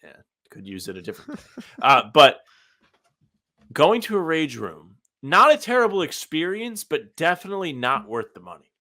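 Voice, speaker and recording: A man's voice: on the high side, big pitch swings, moderate pace, sharp tone. A man co-hosting a podcast in casual chat, telling rambling anecdotes. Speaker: podcast co-host.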